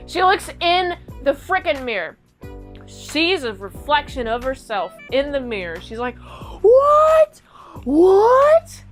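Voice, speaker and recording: Brief: casual woman reviewer, high voice, rambly and slangy, faint music underneath. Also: lively intonation, unhurried, fairly bright tone. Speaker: show reviewer. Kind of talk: casual episode recap.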